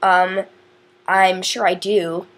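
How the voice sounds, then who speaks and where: A woman's voice: fairly low pitch, little pitch movement, slow pace, a little hiss or hum. A woman vlogger chatting casually through a question challenge, giggly and rambling, often stopping to restart her sentences. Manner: chatty, giggly, self-interrupting.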